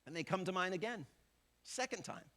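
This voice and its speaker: Male pastor with a high voice, conversational sermon that acts out people's inner thoughts. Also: animated, fairly quick, pushed and bright. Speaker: visiting pastor.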